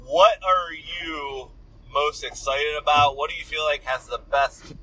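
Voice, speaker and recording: Bright-voiced easygoing podcast host. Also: male voice, fairly high pitch, steady tone, measured pace, low-quality recording. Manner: agreeable, easygoing, laughs often. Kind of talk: casual chat.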